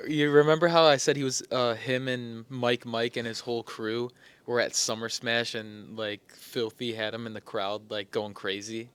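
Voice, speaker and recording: A young man co-hosting a podcast in casual chat, laid-back and asking quick questions. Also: medium pitch, little pitch movement, fairly bright tone, smooth. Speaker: podcast co-host.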